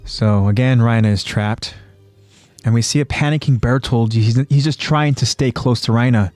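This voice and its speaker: A man co-hosting a podcast, recapping an episode in plain storytelling with pauses and fillers. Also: medium pitch, a little mellow, no echo, soft background music. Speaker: podcast co-host.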